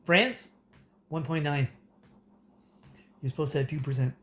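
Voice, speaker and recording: A man's voice: fairly high pitch, unhurried, a bit bright, a little hiss or hum. A man from Canada ranting in a casual, rambling way, full of fillers and restarts and breaking into laughter. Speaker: political commentator. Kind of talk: casual rant to camera.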